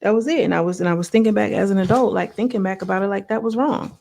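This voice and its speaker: Chatty woman reviewer with a fry-edged, gravelly voice, loose and full of fillers. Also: mid-range voice, racing. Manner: chatty, filler-heavy, animated asides. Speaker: YouTube reality-show reviewer. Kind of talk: casual reality TV recap.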